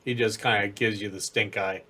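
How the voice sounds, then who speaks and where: A man's voice: fairly low pitch, steady tone, moderate pace, bright, forceful tone. A man narrating as dungeon master in a live-play tabletop game, voicing innkeepers in a casual, plain way.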